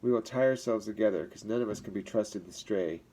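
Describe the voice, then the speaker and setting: Narrator voicing a gentle, strong storybook man, low, dark, unhurried. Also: natural voice, low-quality recording. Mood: steady.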